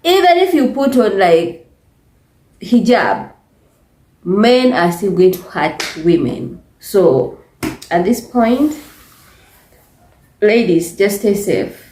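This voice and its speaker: A woman's voice: mid-range voice, sing-song, slow, pauses often, mellow, slight background noise. A woman with a Ugandan English accent talking to camera in a casual vlog, emphatic, repetitive and exasperated. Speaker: vlogger. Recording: echoey room.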